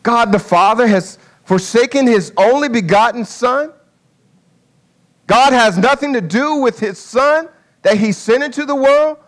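A man preaching a sermon with an object lesson, in a folksy way that swings from quiet asides to loud dramatic calls. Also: very high voice, measured pace.

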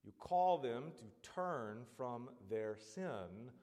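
A man preaching a sermon, earnest and building to loud, emphatic exhortation. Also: mid-range voice, animated, slow pace, in a large hall.

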